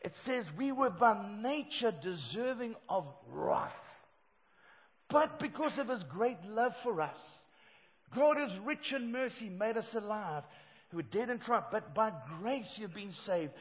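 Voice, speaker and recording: A middle-aged man preaching a sermon, swinging between loud emphatic lines and hushed ones. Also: high voice, animated, measured pace. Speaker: pastor. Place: church hall. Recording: dull church hall reverb.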